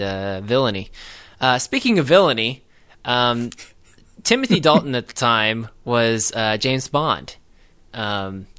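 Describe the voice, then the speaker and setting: Bright-voiced man rambling on a podcast. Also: medium pitch, clean tone. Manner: rambling, self-interrupting, laughs often. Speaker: podcast co-host. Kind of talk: casual movie discussion.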